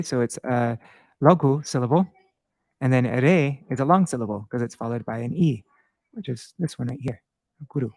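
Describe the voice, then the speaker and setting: A man giving an informal screen-share lesson on Sanskrit verse, halting with many fillers and self-corrections. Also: mid-range voice, darkish tone, no room sound. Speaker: Sanskrit teacher.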